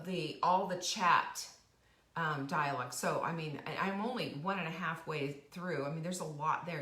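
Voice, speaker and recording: A woman's voice: on the low side, pushed and bright. A woman hosting a casual motivational live stream, chatty and encouraging, with frequent restarts and asides. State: sniffly from dust, coughing now and then. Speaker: host of a cooking and life show. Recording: roomy home live stream, faint hiss.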